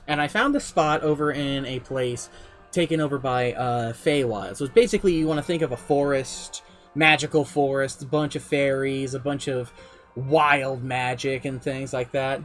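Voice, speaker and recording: A man's voice: mid-range voice, fairly even intonation, normal speed, faint music behind. A man streaming, casually recounting his tabletop campaign as game master in a rambling, self-deprecating way.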